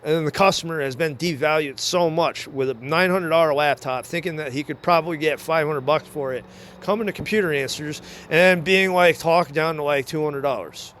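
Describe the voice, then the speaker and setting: A former computer repair shop manager records a rambling, profane, aggrieved monologue. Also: male voice, on the high side, brisk, a bit bright, slight background noise.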